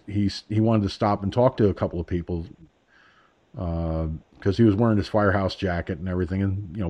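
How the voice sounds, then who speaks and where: A man's voice: on the low side, a little mellow. An American man hosting an internet radio show, telling a story casually, swearing and rambling with many restarts. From United States.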